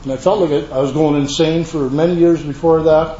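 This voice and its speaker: The recovery meeting speaker, an older man, has a slightly high, mellow voice with fairly even intonation and a brisk delivery. He tells his story to a live audience in a meeting room, rambling and earnest with folksy touches. The room echoes, and the lo-fi sound is dull with faint hiss.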